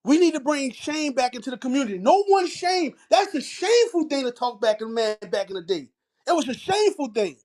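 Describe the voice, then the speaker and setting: A man's voice: extremely high pitch, sing-song, fairly quick, a little mellow. A man with an African American Vernacular English accent, teaching scripture with blunt, commanding commentary and frequent interjections. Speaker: teacher leading a scripture reading. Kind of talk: street preaching commentary.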